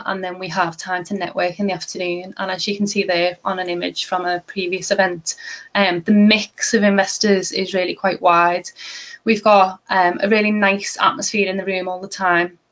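A woman's voice: medium pitch, little pitch movement, moderate pace, a bit bright. A woman with a Scouse accent, a property investor talking casually to camera with frequent ums in a chatty, practical way. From Liverpool, England.

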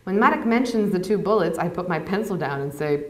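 A woman author reading her novel aloud to an audience at a university, in measured, even first-person narration. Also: lowish voice. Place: university lecture hall. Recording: echoey hall.

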